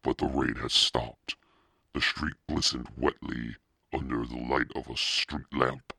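A man reading a children's novel aloud as narrator in a steady, plain storytelling manner. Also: extremely low pitch, unhurried, vocal fry, breathy edge, no room sound, studio quality. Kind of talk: audiobook reading.

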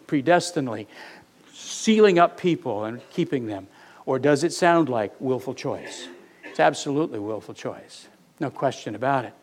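A man preaching a sermon, reading scripture aloud with animated, mock-indignant asides. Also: on the high side. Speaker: pastor.

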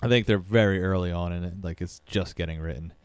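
A man's voice: sits low, quick pace, clean tone, no room sound. A man co-hosting a podcast, chatting loosely with lots of filler words and swearing. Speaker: podcast co-host. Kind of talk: casual chat about movies.

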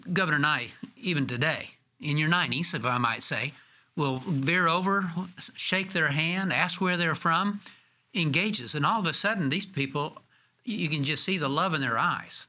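Man, history show co-host, earnest, admiring, very bright sharp voice. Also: fairly high pitch. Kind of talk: conversational interview.

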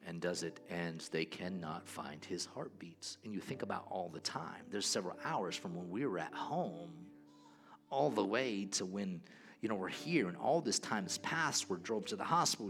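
A pastor preaching a sermon in a church, telling a personal story in an earnest way. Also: male voice, lowish voice, a bit bright.

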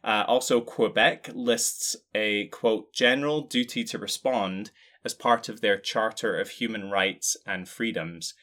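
A man's voice: lowish voice, measured pace, a bit bright. A man co-hosting a casual discussion, explaining points in a wry, joking way. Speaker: podcast co-host.

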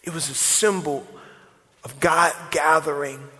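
A male preacher with a high, ringing, forceful voice delivers his sermon with emphatic repetition and folksy asides to the congregation. His words echo with a long reverb through a big church sanctuary. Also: steady tone, measured pace. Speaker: pastor. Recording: long reverb of a large hall.

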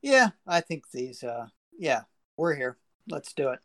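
A man playing a tabletop game, describing his actions in a casual, halting way. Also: on the high side, big pitch swings, bright, forceful tone. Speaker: player.

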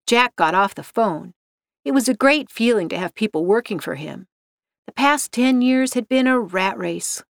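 A woman narrating a story in an even, steady reading manner. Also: a little high, normal speed, gravelly, dry recording, clean studio sound.

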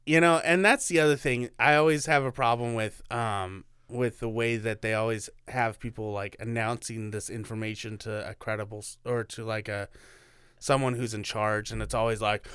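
A man's voice: medium pitch, moderate pace, a bit bright, clear, resonant tone, dry recording, clean studio sound. A man co-hosting a podcast, chatting casually and jokingly about a movie. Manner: jokey, slips into silly voices. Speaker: podcast co-host.

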